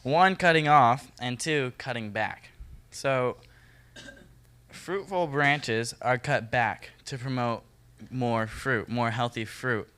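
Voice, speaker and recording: A man leading a Bible study for a group, reading verses and explaining them in a relaxed, joking way, talking straight to his listeners. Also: medium pitch, slow, clean tone. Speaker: youth Bible study leader. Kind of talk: casual Bible teaching talk.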